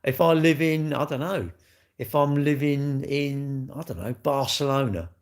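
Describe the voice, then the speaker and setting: This middle-aged livestream host, with a mid-range voice and a measured pace, goes through viewer comments in relaxed, chatty banter. He's cheeky and blunt with his chat, ribbing viewers and cursing without hesitation.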